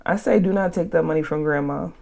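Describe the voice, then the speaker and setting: A woman hosting a vlog channel reacts to a reader's post with blunt, slangy, animated advice. She talks fast in a low, gravelly voice and sounds out of breath.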